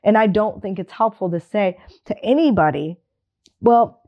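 A woman's voice: mid-range voice, expressive, moderate pace. A woman speaking bluntly and emphatically in candid conversation, swearing casually and laughing often. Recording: dull lo-fi recording.

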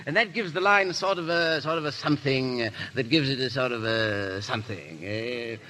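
A man's voice: medium pitch, normal speed, sharp tone, natural voice. An actor playing a vain, foppish nobleman with a languid, stammering drawl in a 1930s radio drama. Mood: foppish, playful.

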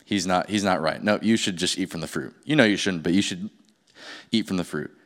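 A preacher voicing a sly male serpent who tempts in a hushed, casual, coaxing way. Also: low voice, a little fast, pitched below the performer's own voice. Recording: long hall reverb.

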